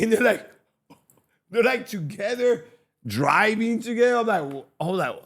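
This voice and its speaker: Animated, teasing male co-host. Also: high voice, normal speed, slightly rough. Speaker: podcast co-host. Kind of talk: casual podcast chat.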